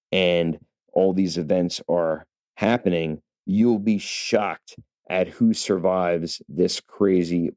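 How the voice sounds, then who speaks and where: A movie reviewer with a low, darkish voice chats casually about a film, speaking directly to viewers with plenty of fillers and restarts. There's no echo on the dull, lo-fi, dry recording.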